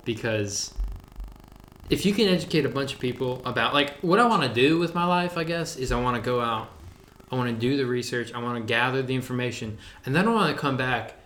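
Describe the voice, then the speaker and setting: A man's voice: medium pitch, lively intonation, brisk, a bit bright, a little hiss or hum. A young adult man chatting casually on a podcast, laid-back and enthusiastic, with a lot of "dude". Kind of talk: casual chat. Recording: roomy echo.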